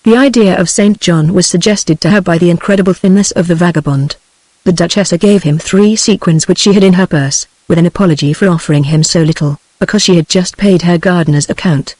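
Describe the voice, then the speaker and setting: A woman's voice: fairly low pitch, fairly quick, no echo, rough recording. Dry synthetic British woman narrator. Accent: British English. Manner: even synthetic reading. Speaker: audiobook narrator. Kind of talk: text-to-speech audiobook reading.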